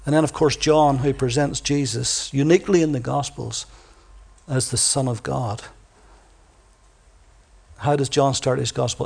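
A man preaching a sermon in a church, stressing key words by slowing down. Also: medium pitch, steady tone, gravelly, breathy edge. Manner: reads scripture quietly and softly.

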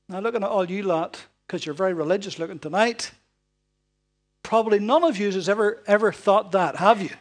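A man preaching a sermon to a congregation in a relaxed, chatty way, often ending points with tag questions. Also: high voice, a little fast. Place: church hall before a congregation.

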